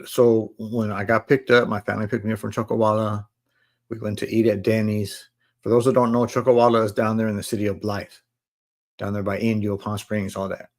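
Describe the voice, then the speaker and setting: Gravelly low-voiced man telling his story. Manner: relaxed street slang, addresses listeners as bro. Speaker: live stream host sharing his testimony. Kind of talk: casual storytelling testimony.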